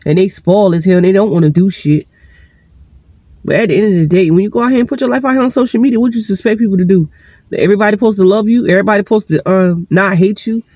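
A woman vents to her vlog camera in a rapid, heated rush, swearing freely and stressing her points hard. Her voice sits close and dry, with no room sound around it. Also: mid-range voice, dark tone, no room sound. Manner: heated, profane, emphatic. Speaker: single mother vlogger. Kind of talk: venting vlog monologue. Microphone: sitting, talking straight to camera.

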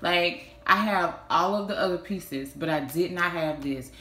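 Low-voiced woman gushing over gifts. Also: measured pace, sharp tone. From Texas. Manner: gushing, repeats phrases, says "y'all". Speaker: vlogger. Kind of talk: casual haul vlog. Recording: echoey room with faint hiss.

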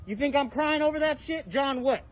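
A man's voice: extremely high pitch, moderate pace, highs cut off. A man angrily confronting a neighbor on a residential street, swearing and demanding his name while filming on a phone. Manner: angry, profane, confrontational. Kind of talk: heated street argument. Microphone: phone held while filming.

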